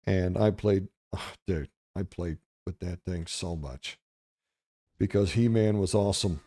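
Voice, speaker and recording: A middle-aged man with a deep, mellow voice, speaking a little slowly, hosts a gaming channel. Over gameplay commentary he tells rambling, profane, jokey stories in a brash manner.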